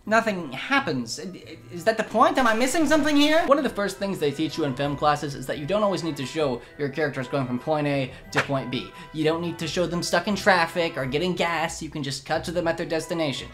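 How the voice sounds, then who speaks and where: A woman's voice: low voice, a little fast, few pauses, faint music behind. A woman giving a comedic, sarcastic film critique as a commentator, often sounding exasperated. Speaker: YouTube commentator.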